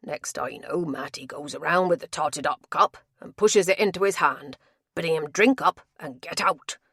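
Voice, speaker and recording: A woman reading a big, sulky male tavern tapster with gruff rustic dialect speech. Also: low voice, normal speed, fairly bright tone, no room sound, clean studio sound, heavily acted. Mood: grumbling.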